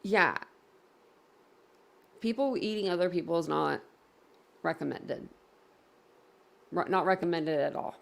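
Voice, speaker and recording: Her voice is fairly low and gravelly, with a measured pace and many pauses. She's running a relaxed livestream, reading the chat aloud and wandering through filler-heavy talk.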